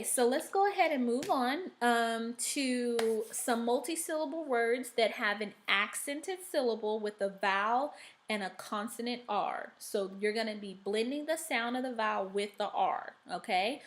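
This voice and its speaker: A woman leads a recorded reading lesson, talking students through each step. She sounds upbeat and keeps checking in with them as she goes. Her voice sits a little high. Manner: upbeat, checks in with okay after most steps. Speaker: reading teacher.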